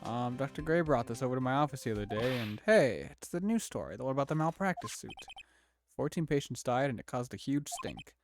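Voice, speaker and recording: A man's voice: medium pitch, very animated, fairly quick, a little hiss or hum. A man reading as a nervous young lawyer. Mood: worried. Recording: game music behind.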